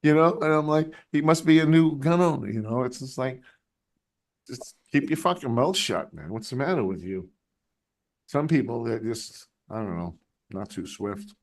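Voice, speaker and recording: A man hosting a live stream, chatting casually and telling animated stories, swearing constantly. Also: medium pitch, normal speed. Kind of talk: casual chat, storytelling.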